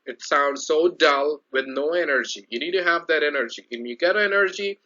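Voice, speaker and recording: A man giving a slide-based lesson on speech clarity, explaining in a repetitive, lively way. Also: a little high, moderate pace. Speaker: English speech trainer. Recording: dull lo-fi audio.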